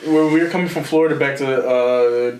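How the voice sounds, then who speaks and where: A man's voice: medium pitch, brisk, recorded from a distance, a little hiss or hum. A young man co-hosting a casual podcast, telling stories with a lot of laughter and acted-out quotes. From Philadelphia area. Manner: animated storytelling, acts out quotes, laughs a lot. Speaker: podcast co-host. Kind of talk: casual chat. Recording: echoey room.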